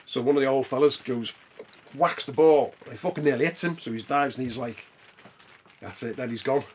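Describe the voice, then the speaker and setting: A man's voice: mid-range voice, brisk, slight background noise. A man co-hosting a podcast, swearing often as he retells film scenes with gusto. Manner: sweary, animated retelling with loud put-on voices. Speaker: podcast co-host. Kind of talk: casual chat.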